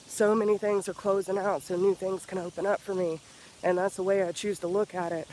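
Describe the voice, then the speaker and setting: A man giving an earnest, profane motivational talk in a casual vlog, slowing down and repeating himself for emphasis. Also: high voice, darkish tone, a little hiss or hum, low-quality recording. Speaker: spiritual healer vlogger.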